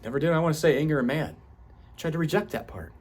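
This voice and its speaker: A husky, darkish voice pitched on the high side comes from a fast-talking man, 38 or older, who works as a self-help vlogger. In a passionate monologue about his personal growth, he swears for emphasis and rises in pitch as his fervor grows.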